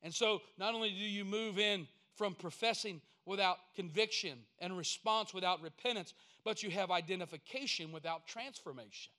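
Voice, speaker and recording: A man's voice: high voice, normal speed, few pauses, pushed and bright. A man preaching a sermon in a folksy, storytelling way, building up to emphatic points. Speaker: pastor.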